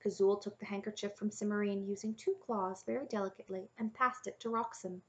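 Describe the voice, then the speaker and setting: A woman's voice: mid-range voice, steady tone, a little fast. Woman reading a storybook aloud. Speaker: audiobook narrator. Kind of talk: scripted storybook narration. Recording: slightly dull lo-fi audio.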